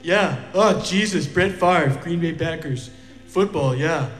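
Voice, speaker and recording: A man's voice: fairly high pitch, slow, reverberant, big-room sound, soft background music. A man doing a drawling Wisconsin local. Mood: folksy. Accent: Wisconsin impression. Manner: drawling, repeats yeah and you know. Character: folksy male Wisconsin local, chatty and easygoing.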